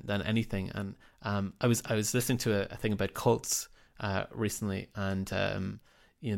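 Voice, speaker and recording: A man, the writer and director of a drama, answering interview questions in a reflective, rambling way with frequent restarts. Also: lowish voice. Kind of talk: casual interview talk.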